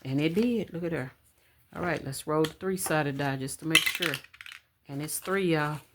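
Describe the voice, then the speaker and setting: A woman chatting casually to her viewers at home, calling them y'all and counting out loud as she goes. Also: low-pitched, moderate pace, very noisy. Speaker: budgeting vlogger. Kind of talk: casual chat to camera. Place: home room. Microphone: camera on a stand.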